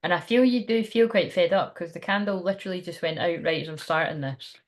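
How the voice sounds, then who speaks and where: A woman's voice: fairly low pitch, fairly quick. A woman doing a live card reading for her viewers. She rambles and thinks aloud in a chatty, informal way. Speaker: tarot card reader.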